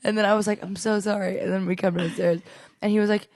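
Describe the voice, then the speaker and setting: A young woman co-hosting a podcast, telling stories in casual chat with quick laughs. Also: mid-range voice, steady tone, a little mellow, no room sound, clean studio sound. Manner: chatty storytelling, quick laughs. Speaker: podcast co-host.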